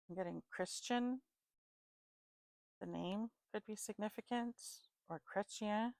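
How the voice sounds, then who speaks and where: A woman's voice: mid-range voice, unhurried, vocal fry, pauses often, a little mellow, no echo. A tired woman giving a casual psychic reading, free-associating names and places and chuckling at her own slips. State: tired, sleepy. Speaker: psychic reader.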